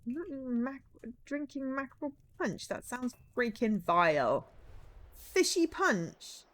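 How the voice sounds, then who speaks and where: A woman, streaming and reading a narrative game aloud, chatty and animated with joking asides. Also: high-pitched, slow.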